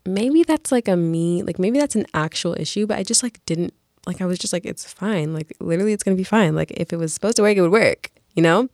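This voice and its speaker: Young girl just chatting to camera, kinda low voice, lots of "like", super dry close sound. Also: no room sound. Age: young adult. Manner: chatty, peppered with "like", swings between calm and animated. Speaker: vlogger. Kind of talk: casual storytelling to camera.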